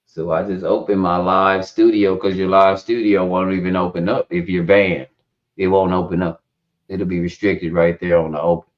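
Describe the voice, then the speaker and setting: Low-voiced man on a lo-fi stream. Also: level tone, moderate pace. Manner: loose, rambling storytelling. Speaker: live stream host. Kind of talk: casual chat. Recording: dull lo-fi stream audio.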